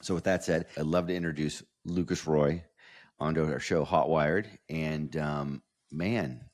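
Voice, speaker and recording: Very deep-voiced enthusiastic male podcast host. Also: fairly even intonation, a little slow. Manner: enthusiastic, effusive, restarts often. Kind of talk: casual podcast interview.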